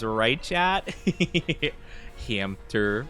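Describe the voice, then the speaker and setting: A man plays a game on a livestream while chatting ramblingly with viewers and using many fillers. He has a mid-range voice with lively intonation, speaking at normal speed in a bright, forceful tone over soft background music.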